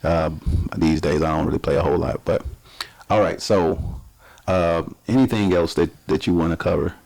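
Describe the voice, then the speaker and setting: A man's voice: deep voice, normal speed, vocal fry, a little mellow. A man hosting a casual interview, asking long rambling questions with many restarts. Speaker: podcast host.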